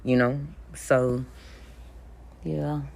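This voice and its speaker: Deep-voiced lady venting about her life, swears a lot, laughs it off, very low voice. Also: fairly even intonation, very slow, creaky, a little mellow, a little hiss or hum. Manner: blunt, profane, laughs between lines. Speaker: spiritual content creator. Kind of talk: casual storytelling monologue.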